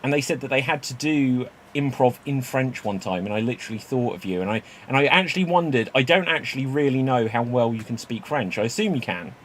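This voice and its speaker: A man's voice: medium pitch, lively intonation, brisk, few pauses, a bit bright, slight background noise. A man hosting a live-streamed improv comedy show, playful and jokey, talking into a webcam mic on a video call. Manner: upbeat, playful, jokey banter.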